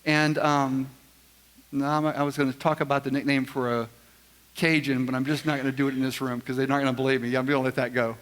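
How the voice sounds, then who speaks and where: A man's voice: medium pitch, little pitch movement, quick pace, a bit bright. A man giving a live seminar talk, quizzing the audience in a folksy, joking way. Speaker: seminar speaker. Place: large event room with audience. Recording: long hall reverb.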